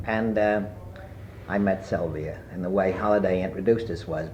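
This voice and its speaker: An older man being interviewed, telling a long personal anecdote in a rambling way with many pauses and fillers. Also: low-pitched, noisy background. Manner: rambling anecdotal, frequent "uh" and asides. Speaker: interviewee recalling his past. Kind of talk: oral history storytelling. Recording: muffled archival tape.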